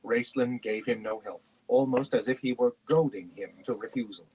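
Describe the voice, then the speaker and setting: Husky man reading a novel aloud. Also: medium pitch, moderate pace, darkish tone, rough recording. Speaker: reader on a book stream.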